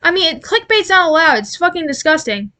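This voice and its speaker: A woman giving an angry, profane commentary rant, exasperated and halting with many restarts. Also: very high-pitched, very animated, pushed and bright. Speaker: aviation commentary YouTuber.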